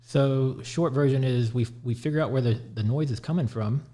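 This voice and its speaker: A man's voice: medium pitch, moderate pace. A man who runs a paranormal show, telling a story casually on a podcast and acting out the quotes. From Houston area, USA. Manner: animated, retells quotes. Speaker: guest, paranormal investigator.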